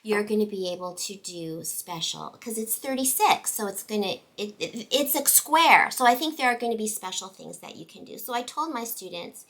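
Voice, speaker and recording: A woman's voice: mid-range voice, lively intonation, moderate pace, hardly any pauses, fairly bright tone, rough recording. A middle-aged woman teacher hosting a casual chat, enthusiastic and chatty. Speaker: teacher and podcast host.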